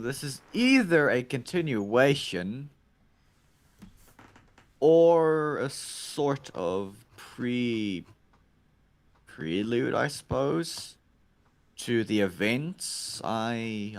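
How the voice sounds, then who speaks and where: A man's voice: mid-range voice, sing-song, drawn-out words. A man co-hosting a casual comic read-along, giggly and hesitant, often trailing off. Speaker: co-host.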